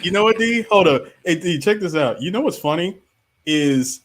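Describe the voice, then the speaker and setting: A man's voice: high voice, moderate pace. Guy on a podcast, voice jumps all over the place, hyping up a funny story. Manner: lively storyteller, builds up jokes. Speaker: podcast co-host. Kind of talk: casual chat.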